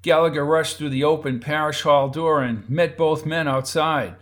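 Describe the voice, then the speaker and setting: A man narrates a crime novel as an audiobook, changing his delivery for each character's lines. His voice is fairly high and fairly bright, with fairly even intonation and a normal speed.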